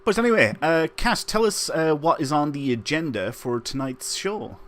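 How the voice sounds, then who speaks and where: A man's voice: fairly high pitch, expressive, normal speed, a bit bright. Upbeat man hosting a podcast. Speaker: host. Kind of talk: casual podcast chat with scripted promos.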